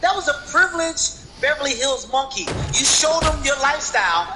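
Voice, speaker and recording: A man doing an impression of a brash male comedian, roasting someone with shouted, profane stand-up delivery. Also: extremely high pitch, animated, moderate pace, soft background music, exaggerated voice, rough recording. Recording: loud background noise.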